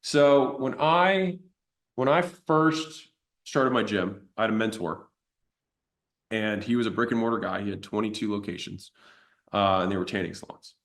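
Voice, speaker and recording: A man with a fairly low voice tells a story from his early business days. His delivery is casual and conversational, and he is blunt enough to swear along the way. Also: normal speed. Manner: animated retelling of his own past. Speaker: entrepreneur telling a business story.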